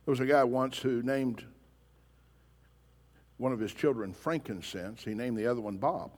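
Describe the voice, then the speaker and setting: A medium-pitched pastor speaks at normal speed in a church sanctuary, preaching emphatically and challenging his listeners with pointed questions. A long, large-hall reverb surrounds his voice.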